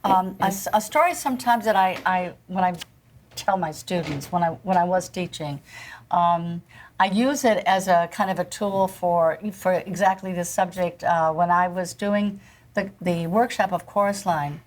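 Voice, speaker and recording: A woman's voice: on the low side, normal speed. An older woman hosting a casual lunch conversation in a restaurant, telling stories with many restarts and hesitations. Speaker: podcast host.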